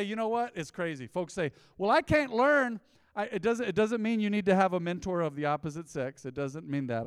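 A middle-aged man preaches a sermon in a church sanctuary, his voice smooth and resonant and pitched a little high. He drives his points with emphatic, rising bursts and quick acted asides. The mic is close and dry, but a long hall reverb trails behind him. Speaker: pastor.

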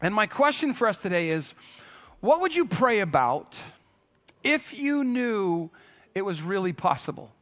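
A man preaching a sermon as pastor, lively and joking, calling out to the congregation. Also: high voice, measured pace.

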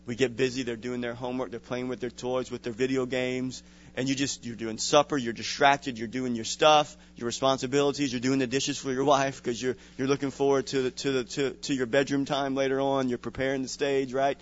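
A man's voice: medium pitch, flat delivery, fairly quick. A middle-aged man from Louisiana preaching a sermon to fathers in a casual, conversational way with frequent restarts and small chuckles. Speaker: pastor. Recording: dull lo-fi sound.

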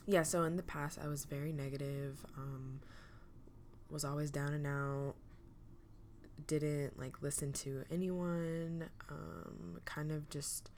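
A woman's voice: steady tone, slow, a little mellow, a little hiss or hum. A young woman hosting her own podcast, talking alone in a sleepy, hesitant, reflective way with many fillers. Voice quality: low, a little manly voice. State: sleepy, just woke up. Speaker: podcast host. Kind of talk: casual solo podcast monologue.

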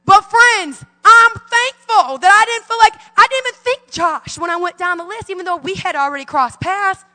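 A woman's voice: extremely high pitch, moderate pace, pushed and bright, long reverb tail. A woman in her forties preaching a fervent sermon as pastor, calling out to her congregation in a church sanctuary. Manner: fervent preaching with call-and-response.

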